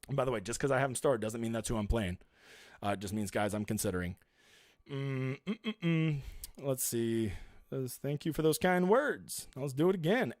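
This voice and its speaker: Hosting a relaxed live stream, a mid-range-voiced man reads out viewers' comments and replies bluntly, emphatically, and chattily. There's no room sound, just clean studio audio.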